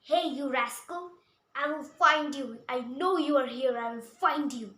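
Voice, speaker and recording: A woman voicing a boastful fake doctor, a man who loses his temper and shouts threats. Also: very high-pitched, unhurried, roomy sound, full character voice. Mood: angry.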